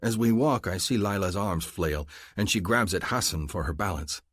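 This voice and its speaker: A man's voice: sits low, moderate pace, fairly bright tone, husky, no echo. A man narrating an audiobook in the first person, in an earnest, brooding way, close to a studio mic.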